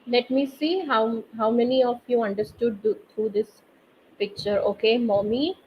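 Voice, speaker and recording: A woman teaching a live online French class, explaining accents slowly and quizzing her students through the chat. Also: fairly high pitch, fairly even intonation. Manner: slow, patient, quizzes students via chat. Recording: slightly dull online class audio with faint noise.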